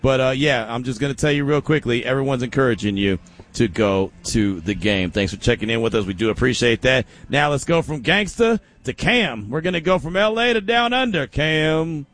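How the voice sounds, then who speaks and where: Animated, joking sports radio host man. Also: mid-range voice, fairly quick. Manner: animated, joking, breaks into laughter. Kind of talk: casual sports talk.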